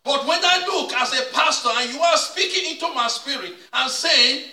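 A male pastor preaching a sermon with repeated call-and-response questions, sometimes rising to a shout. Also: very high voice, normal speed. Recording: echoey room, mic at a distance.

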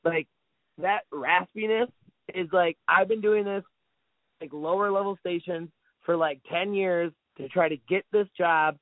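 A man with a high voice rants with heat and plenty of swearing in a casual sports talk. The sound is dry and narrow like a phone line. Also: no room sound. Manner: heated, profane ranting. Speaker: podcast co-host.

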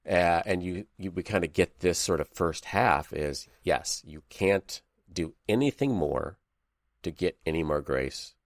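A man's voice: low voice, animated, measured pace, no room sound, clean studio sound. A man hosting a conversational Bible study, thoughtful, reading passages aloud between fillers. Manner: thoughtful, reads scripture aloud, many fillers. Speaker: podcast host leading Bible study. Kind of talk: casual conversational Bible discussion.

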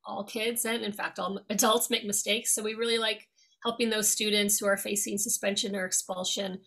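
Bright-voiced middle-aged woman attorney. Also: medium pitch, little pitch movement, normal speed. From New York. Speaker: guest, attorney. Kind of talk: interview conversation.

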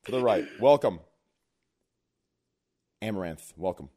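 Podcast host, male, low voice with lively swings, crude joking banter. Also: a little slow, slight background noise. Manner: crude, joking, introduces guests. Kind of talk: casual podcast chat.

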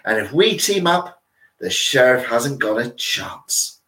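A man's voice: mid-range voice, big pitch swings, slow pace, bright, forceful tone, roomy sound, far from the mic, exaggerated voice, low-quality recording. A man voicing a proud giant outlaw in a spoken story, talking in a blunt, bluff way. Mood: persuasive.

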